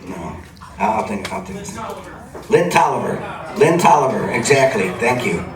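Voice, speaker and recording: A man's voice: mid-range voice, big pitch swings, measured pace, a crowd in the background. An older man from Cleveland, a television personality, telling rambling anecdotes to a live supper club audience with plenty of chuckling. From Cleveland, USA. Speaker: TV personality telling stories on stage. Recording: echoey club from a distant mic, audible ambience.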